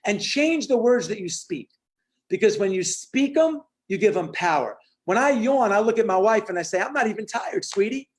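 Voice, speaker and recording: High-energy man telling a story. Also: normal speed. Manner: energetic, punchy storytelling with acted-out quotes. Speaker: motivational speaker. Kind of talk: storytelling talk on a video call.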